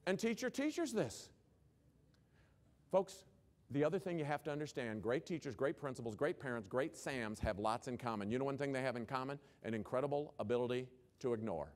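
A man giving a humorous, animated conference keynote and asking the audience questions. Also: mid-range voice, a little fast. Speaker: keynote speaker.

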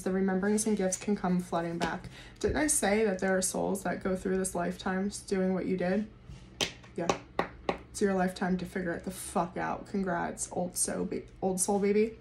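An excitable woman reads tarot cards in a casual, swearing monologue, often laughing as she goes. Her voice sits at a middle pitch. A faint hiss of noise runs behind her. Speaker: tarot reader.

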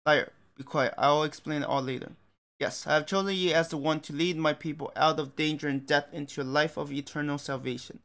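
A man's voice: a little high, fairly even intonation, fairly quick, a bit bright. A man voicing a commanding, condescending male god who speaks in a grand, lofty way.

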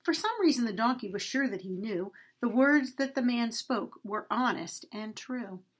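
A woman reading a rhyming story aloud to children at a church, expressive and sing-song. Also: a little high, moderate pace, slightly rough.

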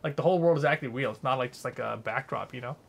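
A young man streams a game and chats with his viewers, rambling casually and swearing. His mid-range voice races along with vocal fry. It's relaxed gameplay commentary.

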